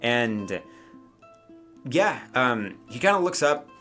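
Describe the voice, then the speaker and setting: A man's voice: medium pitch, very animated, takes it slowly, music in the background. A man running a tabletop role-playing game as game master, narrating loosely and using many fillers like "um" and "like".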